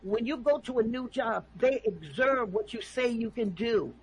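A woman's voice: on the high side, animated, moderate pace, darkish tone, breathy edge, poor audio. A woman calling in, talking emphatically and preachily about her views and often asking "okay?". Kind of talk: impassioned opinion talk.

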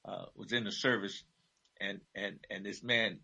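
A man's voice: on the low side, fairly even intonation, unhurried, creaky, bright, forceful tone, breathy edge, highs cut off. A man who teaches at his church, talking casually about faith and often affirming the host with short interjections.

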